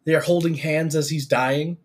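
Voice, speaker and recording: A man co-hosting a podcast, chatting excitably and rambling, swearing freely as he tells stories. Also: on the high side, unhurried, husky. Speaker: podcast co-host. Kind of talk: casual chat.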